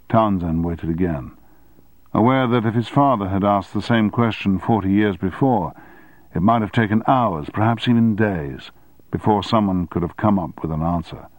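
A man narrating an audiobook novel in a measured, even storytelling manner. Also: low voice, no echo. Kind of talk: scripted narration.

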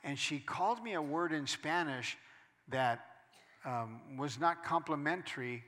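A male pastor delivering a sermon in a big reverberant hall. His voice sits a little high and rings bright. He moves from hushed storytelling to loud, emphatic preaching. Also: unhurried.

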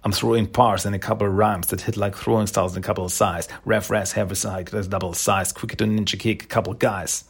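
A cocky young male mutant spitting freestyle bars in a low, rhythmic flow, as a man reads him from a comic. The voice is gravelly and husky. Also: lively intonation, a little fast, few pauses. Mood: boastful. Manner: rhythmic rapping. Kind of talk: comic read-aloud.

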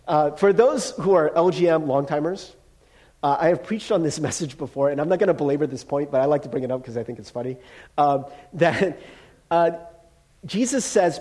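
A man's voice: fairly high pitch, normal speed, dark tone. A male pastor preaching a sermon in a casual, storytelling way, with humor. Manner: conversational storytelling with humor and acted quotes.

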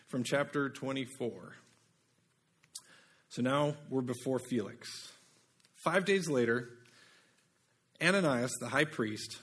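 A man's voice: mid-range voice, breathy edge. A man preaching a sermon in a conversational way, often putting rhetorical questions to the listeners.

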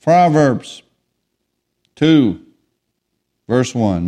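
A man preaching a sermon, emphatic and repetitive, swinging between raised declarations and quiet asides. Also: mid-range voice, slow pace, pauses often.

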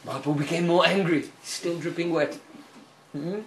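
A man tells stories in an animated sermon, pausing often to check in with his listeners with a "hmm?" and a chuckle. His voice sits fairly high for a man, echoing around the room over a faint hiss.

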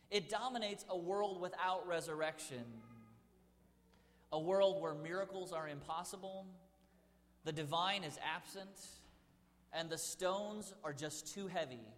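A male pastor preaching a sermon, telling stories with dramatic pauses and emphasis. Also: on the high side, fairly bright tone, in a large hall.

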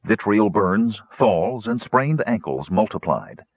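A man narrating a fantasy audiobook in a dramatic, measured storytelling manner. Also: on the low side, big pitch swings, slightly rough, dry recording. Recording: dull lo-fi dry recording.

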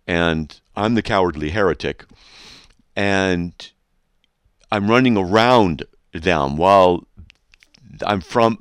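A man hosting a radio show, reading a hostile letter aloud and mocking it with sarcastic, rambling, deadpan asides. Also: sits low, dry recording, clean studio sound.

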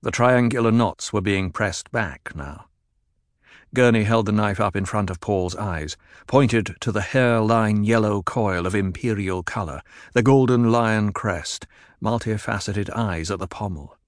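A man narrating an audiobook in a measured, dramatic reading. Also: fairly low pitch, no room sound, clean studio sound.

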